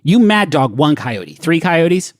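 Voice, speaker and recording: A man co-hosting a comedy podcast, reading out questions and riffing on them in casual banter with animated, swooping delivery. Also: on the high side, slow pace, no echo, studio quality.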